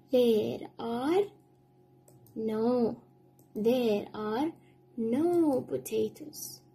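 A woman teaching a children's English lesson, repeating words slowly and clearly and praising answers. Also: a little high, mellow. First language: Arabic.

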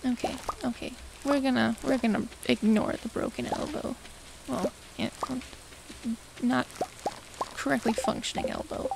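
A young woman with a high, gravelly voice rambles through relaxed gameplay commentary at an unhurried pace. She mutters and jokes at herself as she plays, with a steady hiss of noise behind her. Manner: rambling, self-mocking chatter to herself. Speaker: gaming streamer. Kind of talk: casual let's-play commentary.

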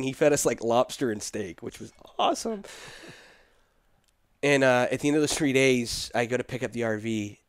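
A middle-aged man telling a personal story in casual conversation, animated and quoting the people in it. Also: mid-range voice, dry recording, clean studio sound. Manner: animated, quotes people in his story, laughs between. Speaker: guest telling his story.

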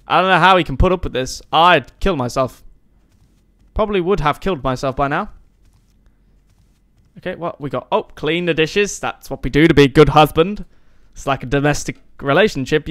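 A man's voice: on the high side, a bit bright, no echo. A young man hosting a let's-play, giving sarcastic, rambling commentary and swearing freely. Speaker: gaming channel host.

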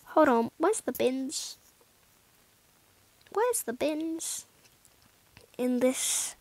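Slow-talking high-voiced woman gamer. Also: bright, forceful tone, dry recording, poor audio. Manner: rambling, self-mocking, drops into muttered whispered asides. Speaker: gaming YouTuber. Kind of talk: casual gameplay commentary.

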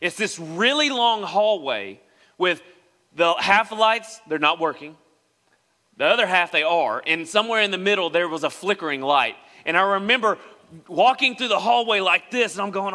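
A young man with a bright, forceful voice, telling a story from the pulpit. He speaks a little high for a man and acts out the other people in his story as he goes. His voice carries with a long ring through the church hall. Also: normal speed. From West Tennessee. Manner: animated storyteller acting out quoted voices. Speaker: pastor. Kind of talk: sermon storytelling. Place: church sanctuary.

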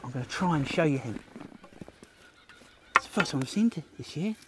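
Heavy background noise surrounds this fairly high, expressive male voice at a moderate pace. He is an Australian leading children on a livestreamed outdoor nature walk, enthusiastically speaking to the viewer, joking, and gasping at each find.

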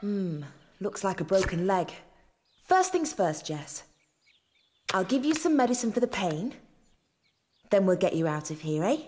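A soothing cartoon vet. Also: female voice, medium pitch, sing-song, measured pace, pauses often, a little mellow, a little hiss or hum. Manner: soothing, reassuring. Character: calm, caring country vet. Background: music.

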